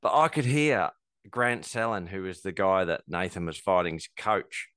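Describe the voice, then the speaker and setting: A man's voice: deep voice, animated, measured pace, a bit bright, clean tone, dry recording, studio quality. A man, a podcast co-host and fighter, rambling casually through a story with many filler words.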